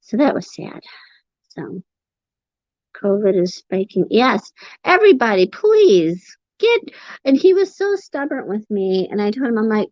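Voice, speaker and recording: A woman's voice: medium pitch, big pitch swings, no echo. Rambling woman on a dull lo-fi stream. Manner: rambling, halting, sighs between thoughts. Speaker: livestream host reading chat. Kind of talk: casual livestream chat.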